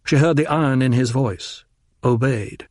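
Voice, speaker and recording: A man reading a novel aloud as an audiobook narrator in a measured, calm delivery. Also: mid-range voice, dry recording, studio quality. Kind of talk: scripted narration.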